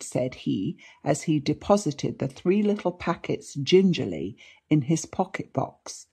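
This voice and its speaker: Slow, husky woman reading a mystery audiobook. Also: low voice, very animated, mellow. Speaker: audiobook narrator. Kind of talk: scripted audiobook narration.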